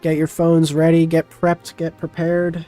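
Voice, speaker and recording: A man with a fairly high voice hosts a live game stream and chats loosely with his audience. When bids come in he switches to a rapid auctioneer patter. Soft music plays underneath. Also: completely flat delivery. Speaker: streamer hosting a game with chat. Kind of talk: casual live-stream chat.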